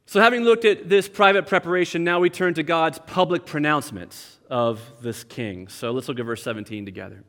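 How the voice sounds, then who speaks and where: A young man preaching a sermon from the pulpit, with conversational, animated asides. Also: sits high, brisk, hardly any pauses. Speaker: pastor. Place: church sanctuary. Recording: long reverb of a church hall.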